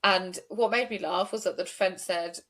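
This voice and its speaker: A woman's voice: on the low side, normal speed, fairly bright tone. A woman, co-hosting a true-crime podcast and retelling court events in a chatty way full of "like". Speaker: podcast co-host.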